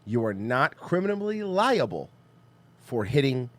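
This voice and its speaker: A man co-hosting a podcast with sarcastic, quick-witted comedic banter. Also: mid-range voice, sing-song. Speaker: podcast co-host.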